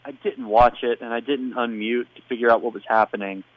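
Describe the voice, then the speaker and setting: A man co-hosting a casual podcast, recapping a wrestling show with animated storytelling and playful impressions. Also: medium pitch, brisk, dry recording, lo-fi sound. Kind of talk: casual chat.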